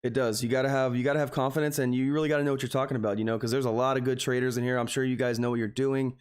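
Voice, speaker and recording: A man hosts a live stock-trading stream and chats straight to his viewers. He rambles in an earnest, openly emotional way and keeps calling them "guys". His voice sits at an ordinary middle pitch. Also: flat delivery, racing, smooth. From Texas. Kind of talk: casual live stream chat.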